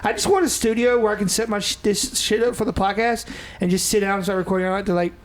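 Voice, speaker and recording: A man's voice: sits high, fairly even intonation, fast talker. A man co-hosting a loose, casual podcast, joking around with his friends. He swears freely and laughs often while he tells stories. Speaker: podcast co-host.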